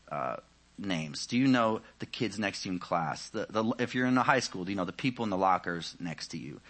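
A man preaches conversationally in a fairly low voice, frequently using "you know." His delivery climbs in energy and then softens into quiet, searching questions.

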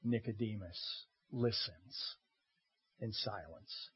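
A man preaching a sermon as pastor, expressive, moving between loud emphasis and quiet asides with dramatic pauses. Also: on the high side, slightly rough. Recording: muffled lo-fi recording.

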